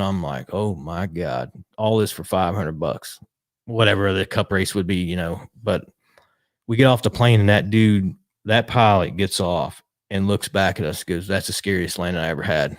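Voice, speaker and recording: A man tells a story in a fairly low voice, animated and slangy. He acts out what others said and curses freely. The sound is close and dry. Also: moderate pace, no room sound. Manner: animated, acts out quotes, swears casually. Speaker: retired pit crew member, guest. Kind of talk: casual storytelling.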